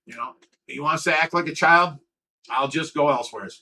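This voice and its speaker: A man's voice: fairly high pitch, moderate pace, sharp tone, slight background noise, poor audio. A middle-aged man from Ohio hosting a casual livestream, talking bluntly and heatedly in long rambling stretches, swearing often and restarting his sentences. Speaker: fish rescue owner and livestream host.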